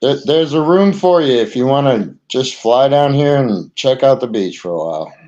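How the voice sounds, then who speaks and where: A man calling in to a livestream, sounding relaxed, drowsy and friendly. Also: medium pitch, normal speed. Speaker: call-in guest. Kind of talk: casual livestream chat. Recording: dull lo-fi sound.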